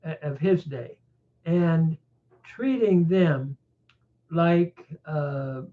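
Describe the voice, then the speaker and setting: A man teaching a Bible chapter verse by verse, reflective and unhurried, pausing often with small fillers. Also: a little high. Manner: reflective, with frequent pauses and fillers. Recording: tinny phone-like sound.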